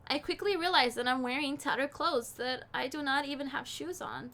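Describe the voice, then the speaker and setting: A woman streaming a game, reading the story aloud and ranting loudly about the characters in an exasperated way. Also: sits high, normal speed. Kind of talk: game playthrough commentary and reading.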